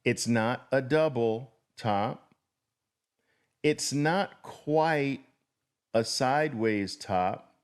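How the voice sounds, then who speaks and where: Man, middle-aged, unhurried pace, trading lesson, repeats points emphatically. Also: medium pitch, clean tone. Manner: deliberate, repetitive, emphatic teaching. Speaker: trading educator. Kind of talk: chart-drawing lesson.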